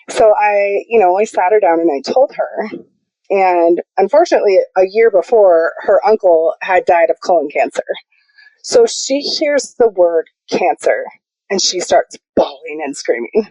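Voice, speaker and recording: A young adult woman, a podcast guest, telling her personal story in a candid, animated way and acting out the quotes. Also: lowish voice, normal speed, no room sound, rough recording.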